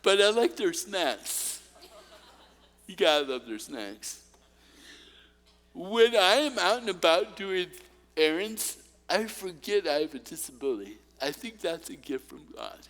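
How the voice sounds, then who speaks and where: High-voiced, unhurried male preacher. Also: very animated, fairly bright tone, long reverb tail. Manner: humorous, personal storytelling; earnest and encouraging. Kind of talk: sermon. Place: church.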